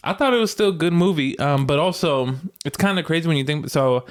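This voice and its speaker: A man's voice: fairly high pitch, animated, brisk, smooth. A man co-hosting a podcast in casual chat, laughing often and rambling with fillers. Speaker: podcast co-host.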